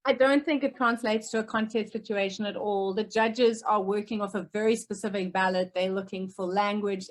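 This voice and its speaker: Energetic woman speaker on a video call. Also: medium pitch. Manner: energetic, emphatic, lists points crisply. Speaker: guest speaker, professional speaker. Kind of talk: remote Q&A answers. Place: home office, remote.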